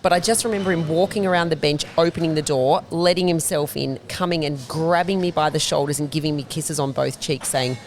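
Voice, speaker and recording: A woman's voice: deep voice, fairly quick, few pauses, a little hiss or hum. A woman, a bakery founder, telling fluent, detailed stories as a guest in a casual interview inside her bakery. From Australia.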